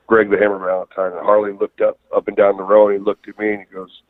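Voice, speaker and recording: A man's voice: on the low side, completely flat delivery, quick pace, no room sound. A man, a guest wrestler, telling rambling, profane stories with many fillers in a casual interview, calling in by phone. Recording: tinny phone line.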